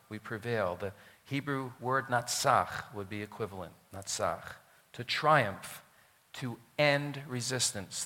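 Male pastor preaching emphatically, bright and forceful, long church reverb. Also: medium pitch. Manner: emphatic, swings from loud declarations to quiet asides. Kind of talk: sermon.

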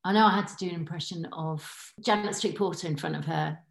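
Giggly woman, low, echoey. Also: fast talker, creaky. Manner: chatty, giggly, slips into impressions. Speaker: voice impressionist and actress. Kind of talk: casual chat, podcast guest.

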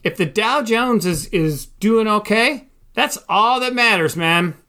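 A man co-hosting a podcast from home with a somewhat high voice. He teases his co-host in a wry way. He stresses his points firmly and with emphasis. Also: lively intonation, measured pace, pushed and bright. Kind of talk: casual chat. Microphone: home recording.

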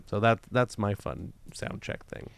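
A man's voice: on the low side, expressive, unhurried, vocal fry, clean tone, no room sound. A man co-hosting a podcast, telling an easygoing story in casual chat full of fillers. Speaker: podcast co-host.

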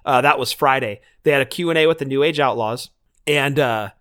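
A man co-hosting a podcast, telling stories in relaxed chat with lots of fillers and acted-out quotes. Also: mid-range voice, brisk. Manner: animated storytelling with fillers. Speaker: podcast co-host. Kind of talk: casual chat.

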